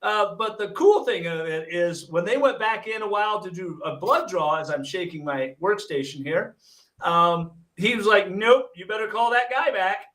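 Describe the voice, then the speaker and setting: Michigan guy, high voice, chatty story with dry jokes, sounds kinda far off. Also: normal speed. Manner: animated storyteller, acts out dialogue with wry jokes. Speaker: guest, hypnotist and paramedic. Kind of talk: casual storytelling.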